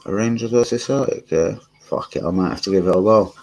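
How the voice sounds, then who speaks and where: A man's voice: low-pitched, brisk, creaky, darkish tone, a little hiss or hum, poor audio. A man, hosting a casual live stream and chatting with viewers in a laid-back, slangy way, swearing often. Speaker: streamer and channel host.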